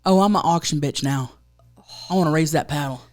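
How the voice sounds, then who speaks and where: A woman in her thirties co-hosting a podcast, chatting casually and telling a loud, animated story, with quick voices for the people she quotes. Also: sits low, no echo, studio quality. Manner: storytelling, quoting others in put-on voices. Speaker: podcast co-host. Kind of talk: casual chat.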